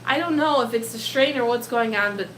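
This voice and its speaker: A woman's voice: fairly high pitch, a little fast, fairly bright tone, slight background noise, poor audio. A young woman who grew up speaking Polish, chatting casually on a live stream and reading out viewer comments. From Poland. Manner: chatty, giggly, breaks into baby talk with her pet. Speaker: pet-keeping live streamer.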